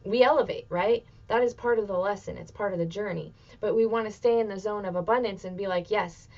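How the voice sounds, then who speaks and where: A woman in her thirties hosts a motivational solo podcast, talking expressively and dropping swear words freely. Her voice has a gravelly fry, sits at a middling pitch, and comes through slightly dull and lo-fi. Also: brisk, hardly any pauses. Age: 30s. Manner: expressive, swears freely, swings into excited outbursts. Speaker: podcast host.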